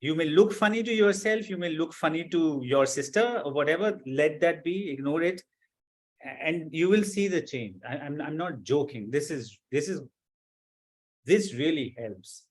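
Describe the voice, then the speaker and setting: A man's voice: fairly high pitch, moderate pace. A man teaching a live online class, answering a student's question earnestly with many fillers and reassurances. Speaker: course instructor.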